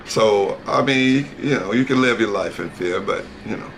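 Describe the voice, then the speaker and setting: Folksy middle-aged American dad. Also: male voice, on the low side, moderate pace, a bit bright, a little hiss or hum. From United States. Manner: folksy storyteller, calls people "brother". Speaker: co-host, the dad. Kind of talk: casual reaction chat.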